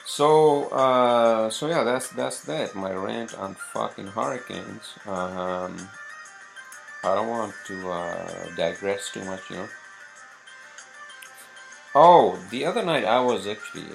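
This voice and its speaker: Low gravelly man rambling profanely. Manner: profane, meandering, lots of fillers. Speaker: podcast host. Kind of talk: rambling solo monologue.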